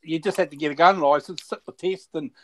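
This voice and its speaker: A man with a New Zealand accent talks in a loose, casual chat, stumbling over his words and circling back before landing his point. His voice sits a touch high for a man and comes across dry and close, with no room around it. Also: steady tone, no room sound. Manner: halting, with many restarts.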